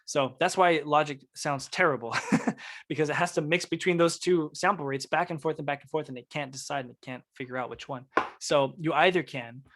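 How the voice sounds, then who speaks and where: A man teaching a music production workshop over a video call, explaining technical details in a relaxed, casual way with plenty of fillers. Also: on the high side, brisk.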